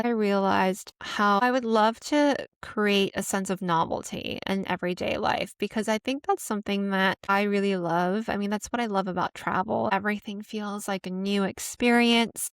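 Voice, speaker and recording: Soft-spoken American woman, smooth voice. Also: medium pitch, no echo, studio quality. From United States. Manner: soft-spoken, conversational, laughs lightly. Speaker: vlogger. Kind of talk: casual reflective monologue. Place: apartment room.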